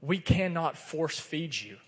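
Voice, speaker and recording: A man's voice: on the high side, lively intonation, takes it slowly, fairly bright tone, slightly rough. A man preaching a sermon as pastor, earnest and conversational, telling personal stories. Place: church sanctuary. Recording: long reverb of a church hall.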